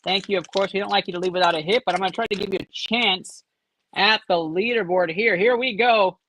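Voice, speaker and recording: A man hosting a livestream, giving fast live commentary while opening card packs and adding up the points out loud. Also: sits high, steady tone, a little hiss or hum, rough recording. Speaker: livestream host.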